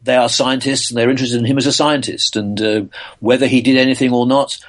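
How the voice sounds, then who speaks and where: An older man from England, a physicist guest, answering interview questions in a thoughtful way, full of pauses, uhs and restarts. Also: medium pitch, level tone.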